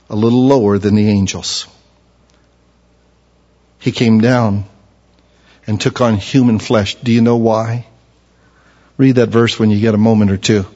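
A man delivers a sermon with a middle-pitched voice. His delivery climbs to loud, fervent peaks and then drops to low, quiet teaching. The sound rings with a long reverb, as in a large hall. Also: highs cut off. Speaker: preacher.

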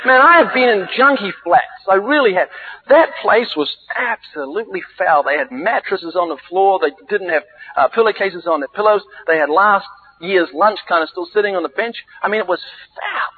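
A man preaching a sermon, telling stories theatrically with sudden leaps in pitch and volume. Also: animated, normal speed, slightly rough. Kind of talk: sermon with dramatic storytelling. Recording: tinny, phone-like lo-fi recording.

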